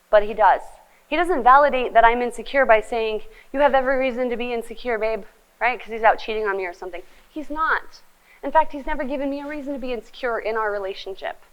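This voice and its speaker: A middle-aged woman coaching couples in a lively, joking talk who acts out what partners say. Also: a little high, lo-fi sound. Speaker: relationship speaker and life coach. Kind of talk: motivational talk.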